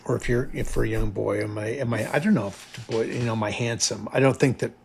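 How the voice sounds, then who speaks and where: A man's voice: mid-range voice, fast, vocal fry, slight background noise. An older man co-hosting a casual recap podcast, thinking aloud in a reflective way with frequent restarts. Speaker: podcast co-host.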